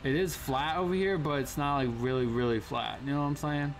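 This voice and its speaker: Young male gamer, casual slangy commentary, slightly high voice, jumpy. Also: fairly even intonation, brisk, soft background music. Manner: casual slangy talk, jumpy yelps when startled. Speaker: gaming channel host. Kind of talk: gameplay commentary.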